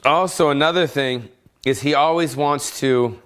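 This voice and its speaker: A comedian hosting his own podcast rambles through an unplanned, profane, joking rant at home. He speaks unhurriedly in a medium-pitched, slightly bright voice.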